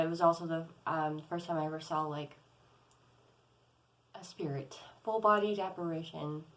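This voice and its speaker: A woman's voice: on the low side, fairly bright tone, low-quality recording. A young adult woman vlogging, telling a personal story in a casual, rambling way, with many fillers and restarts. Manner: rambling, lots of "like" and "um", restarts often.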